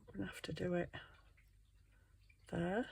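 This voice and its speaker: A woman's voice: lowish voice, level tone, moderate pace, gravelly, darkish tone, husky, low-quality recording. A woman chatting casually while making a junk journal at home, self-deprecating and talking to herself as she works. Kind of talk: casual craft tutorial chat.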